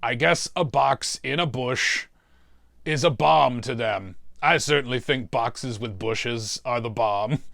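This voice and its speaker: Man voicing a demonic torturer host, gravelly fry, slow drawl, bright edge, dry close sound, relishing suffering. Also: mid-range voice, no echo, full character voice. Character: gravelly demonic male torturer hosting a mystery show. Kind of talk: comedic in-character storytelling.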